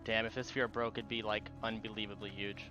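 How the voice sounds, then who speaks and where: A man's voice: fairly low pitch, little pitch movement, a little fast, lo-fi sound. Frustrated man muttering over game music. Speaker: game streamer. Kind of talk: live gameplay commentary.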